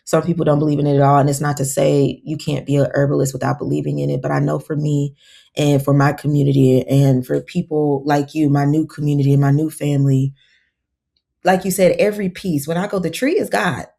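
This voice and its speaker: A woman's voice: sits low, little pitch movement, fairly quick, vocal fry, dark tone. A woman herbalist, a guest on a podcast, telling stories in casual conversation and acting out her own quotes.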